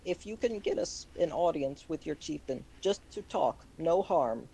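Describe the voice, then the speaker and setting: Husky, gravelly man bargaining in a game. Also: on the high side, expressive, measured pace, few pauses, mellow, rough recording. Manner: coaxing bargaining, sometimes in broken in-character phrasing. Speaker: tabletop game player. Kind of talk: playing a character in a tabletop game.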